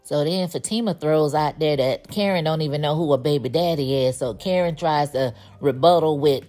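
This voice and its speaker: A woman recapping a TV episode in a casual, animated, gossipy way, full of slang and quoted lines. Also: deep voice, moderate pace, few pauses. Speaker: TV show reviewer.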